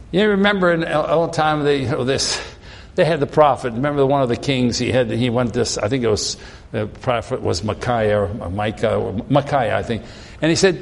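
Male pastor, slightly high voice, casual sermon that acts out quotes, heard in a reverberant hall.

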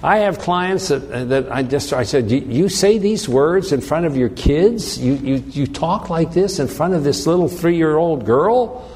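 A man preaching a sermon, emphatic and slowing down to read scripture aloud. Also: a little high, animated, a little mellow, long reverb tail. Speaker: pastor.

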